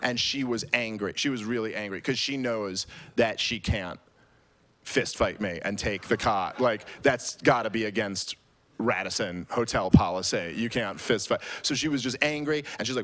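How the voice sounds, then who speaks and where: A man in his thirties telling a comic story to a live audience, animated and building to loud, exasperated rants. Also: medium pitch, moderate pace. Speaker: speaker telling a story on stage.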